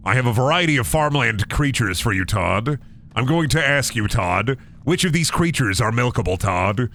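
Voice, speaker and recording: Male streamer, loose profane joking commentary, animated delivery, bright edge. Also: medium pitch, moderate pace. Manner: profane, joking, riffing to chat. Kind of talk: casual gameplay commentary.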